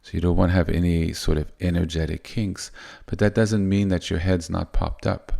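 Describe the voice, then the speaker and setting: Slow, deep gravelly male teacher. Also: flat delivery. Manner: soft, unhurried, meandering with restarts. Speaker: spiritual teacher. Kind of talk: gentle spiritual teaching.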